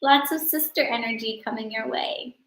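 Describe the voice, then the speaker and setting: A woman in her thirties hosting a casual live stream, chatting and joking and quick to laugh at herself. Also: a little high, a bit bright. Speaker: host of a live witchcraft coaching stream. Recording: roomy echo.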